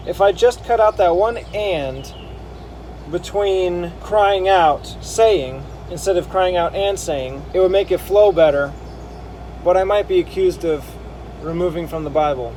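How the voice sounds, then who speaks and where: Guy talking to himself while piecing verses together, soft warm tone, keeps second-guessing, a bit of hiss. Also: high voice, a little slow, low-quality recording. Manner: musing, self-correcting, reads verses aloud. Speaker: bible harmony editor. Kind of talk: thinking aloud while editing scripture.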